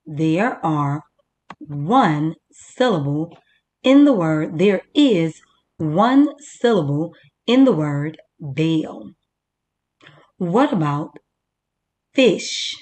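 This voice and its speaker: A woman teacher leading a first-grade reading lesson, slowly sounding out words for young children. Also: low voice, big pitch swings, a little mellow.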